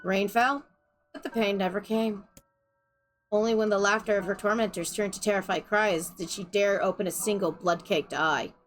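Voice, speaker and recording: A woman's voice: medium pitch, steady tone, moderate pace, faint music behind. A woman streamer reading a game's story text aloud and adding dry, wry remarks.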